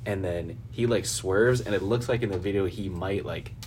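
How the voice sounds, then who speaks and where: A man with a lowish voice hosts a casual podcast, rambling through a story with plenty of swearing and filler. A faint hiss of noise sits under his voice. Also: normal speed, a little mellow. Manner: rambling, profane storytelling with laughs. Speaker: podcast host. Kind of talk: casual chat.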